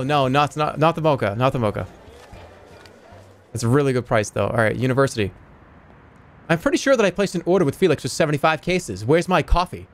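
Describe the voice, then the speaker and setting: A man does live commentary on a game, his pitch jumping wildly between mutters and shouted outbursts. He swears freely and reads the game's lines aloud. Faint game music plays underneath. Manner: excitable, swearing, yelps and shouts when things go wrong. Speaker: streamer.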